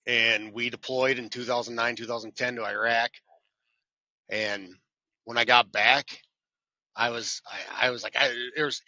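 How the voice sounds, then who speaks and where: A man's voice: mid-range voice, no room sound, dull audio. A man, a truck driver guest on a podcast, telling self-deprecating stories in casual chat and acting out the people in them. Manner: self-deprecating, animated storyteller who acts out quotes. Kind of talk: casual storytelling interview.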